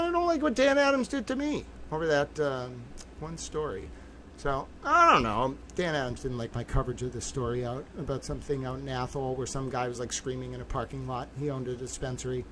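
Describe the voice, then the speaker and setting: A theatrical, excitable man hosting a livestream, his voice bright and forceful, pitched a little high. He swings from low mutters to sudden loud outbursts. Faint ambient noise sits behind him. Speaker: livestream host. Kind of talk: livestream commentary.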